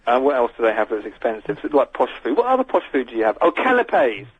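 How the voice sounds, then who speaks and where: A man's voice: medium pitch, big pitch swings, quick pace, breathy edge, dry recording. A man hosting a radio show, chatting in a rambling, jokey way, heard over a tinny, phone-like line. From English countryside. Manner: rambling, jokey, self-mocking storyteller. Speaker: radio host. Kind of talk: casual radio banter.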